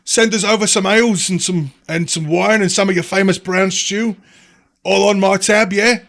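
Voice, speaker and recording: A man voicing a jovial, well-liked male townsman who bargains hard for profit, by turns booming and conspiratorial. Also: steady tone, moderate pace, fairly bright tone, no room sound. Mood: boisterous. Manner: boisterous, then leaning in to bargain.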